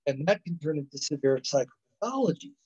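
A man gives a psychology lecture over a video call, and his voice sits a little high. He rambles, restarts his sentences and keeps tossing in "right?" as he goes. The audio is dull and lo-fi. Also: big pitch swings, brisk, darkish tone, slightly rough. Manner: rambling, self-correcting, frequent "right?" and "you know". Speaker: college psychology instructor. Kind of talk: recorded online lecture.

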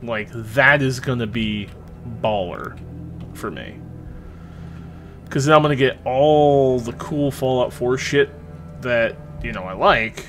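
A young man casually commenting on his gameplay, chatty and excitable, swearing freely as he plays. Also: mid-range voice, slow, long pauses, faint music behind. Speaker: let's play host.

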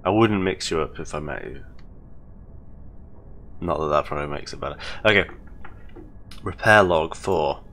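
A man's voice: a bass voice, brisk, pauses often, fairly bright tone, slight background noise. An English man hosting a game playthrough, rambling casually and poking fun at himself with frequent laughs. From England. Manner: rambling, self-deprecating, laughs often. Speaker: let's play host. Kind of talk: casual gaming commentary.

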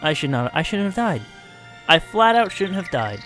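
A man giving excitable, exasperated gameplay commentary and laughing often as he plays. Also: sits high, moderate pace, faint music behind. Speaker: let's play host.

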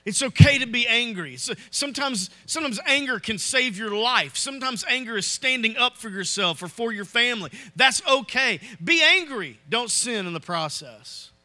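A pastor preaching a sermon in a church, animated and often checking in with "Okay?". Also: male voice, high-pitched. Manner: animated, acts out quoted voices, asks "Okay?". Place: church sanctuary.

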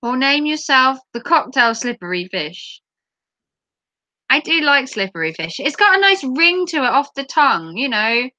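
A woman's voice: high voice, very animated, normal speed, bright, forceful tone, no room sound. A woman from England with a Norfolk accent, chatting casually on a livestream and answering her chat aloud. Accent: Norfolk English.

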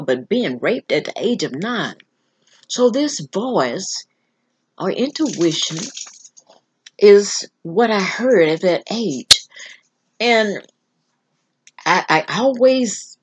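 Slow, husky woman telling a story. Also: mid-range voice. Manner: earnest, halting retelling with restarts. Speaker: vlog host. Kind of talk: personal storytelling.

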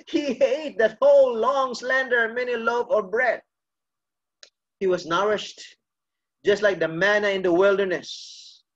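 A man's voice: high-pitched, a bit bright, highs cut off. A male pastor preaching a sermon through a vivid story, acting out each character as he goes.

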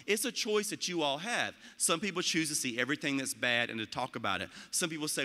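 A man giving a motivational talk about school leadership, animated and acting out quoted voices. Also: on the high side, quick pace, hardly any pauses, in a large hall. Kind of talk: motivational speech.

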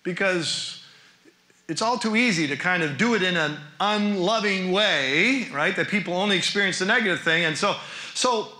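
A man who teaches the New Testament as a professor, giving an animated church lecture full of rhetorical questions. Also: high-pitched, moderate pace. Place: church hall. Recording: roomy church hall.

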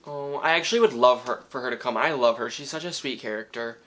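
A man hosting a reaction video, talking back to the screen in excitable, casual commentary. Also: mid-range voice, fast talker, poor audio.

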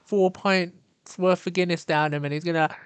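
Lady streamer goofing around, swears a lot, smooth clear voice, dry mic. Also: lowish voice, fairly even intonation, normal speed, no room sound. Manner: joking, profane and playful. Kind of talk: casual gameplay commentary.

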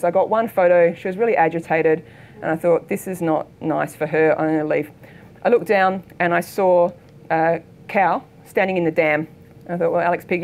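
A middle-aged Australian woman, a photographer giving a keynote talk, telling anecdotes in a lively way and acting out the voices of people in her stories. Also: medium pitch, a little hiss or hum. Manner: lively storytelling, acts out quoted voices. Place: lecture hall.

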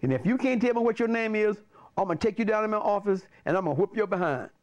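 Stern, stammering principal with a shrill, high, wildly swooping voice. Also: male voice, animated, fast talker, highs cut off. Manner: barking repeated commands. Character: short, strict, stammering male school principal.

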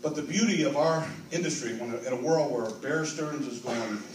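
Speaking at normal speed in a fairly high pitch, an older man gives an earnest, thankful acceptance speech for an award, rising to emphatic high points. It's recorded from a distance in a big convention banquet hall, with echo, ambient sound, and background noise.

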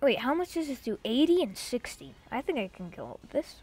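A young woman giving casual let's-play commentary at home, excitable and rambling, with sudden loud outbursts. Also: fairly high pitch, normal speed, slightly rough. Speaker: gamer.

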